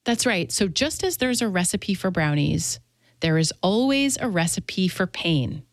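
Low-voiced woman explaining pain therapy. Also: very animated, a little slow, no room sound. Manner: clear, earnest, teaching tone. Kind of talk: interview answers, explaining.

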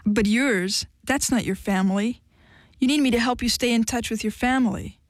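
A woman's voice: fairly high pitch, normal speed, no echo, close to an everyday voice. Jealous man, pleading, wounded, read by a woman, dry close audio. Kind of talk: audiobook character voice.

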